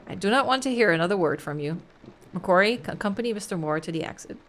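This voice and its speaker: A woman's voice: medium pitch, expressive, quick pace, slight background noise, lightly acted. A woman voicing a stern male Scottish police inspector who talks down to a suspect, reading game dialogue aloud. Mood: scornful. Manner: scornful, dismissive, threatening.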